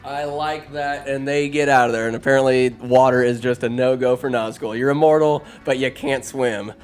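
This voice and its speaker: A man hosting a podcast, recapping a film in an animated, joking way, swearing and doing goofy character voices. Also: mid-range voice, moderate pace, clear, resonant tone, soft background music. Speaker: podcast host. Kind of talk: comedic movie recap. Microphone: phone.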